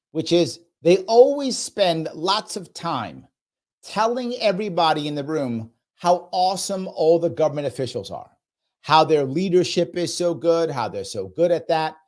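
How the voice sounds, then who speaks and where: A male political commentator reacting live, with a sarcastic, mocking edge. His pitch swings widely, rising sharply on his punchlines. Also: a little mellow. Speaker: host of a political commentary show.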